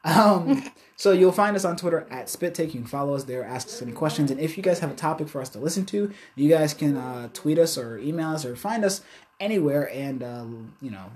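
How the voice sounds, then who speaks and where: A woman's voice: low voice, expressive, fairly quick, a little mellow. A woman hosting a podcast in casual chat, joking and cursing. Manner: joking, acts out voices, curses. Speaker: podcast host.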